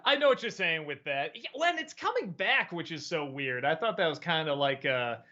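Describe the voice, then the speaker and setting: A man's voice: fairly high pitch, moderate pace, lo-fi sound. A man hosting a weekly question-and-answer stream, chatting casually and rambling through viewer questions with frequent laughs. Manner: relaxed, rambling, laughs often.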